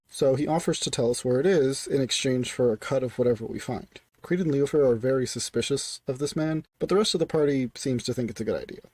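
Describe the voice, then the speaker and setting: A man's voice: mid-range voice, a little mellow, no room sound. A young man casually retelling a tabletop game session as a story. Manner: casual, filler-heavy.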